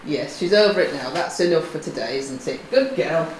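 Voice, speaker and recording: A woman's voice: deep voice, expressive, moderate pace, echoey room, far from the mic, a little hiss or hum, poor audio. A woman training her young horse, calling short praise and commands and explaining to the camera. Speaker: horse owner and vlogger. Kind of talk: casual training commentary. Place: stable yard with a horse.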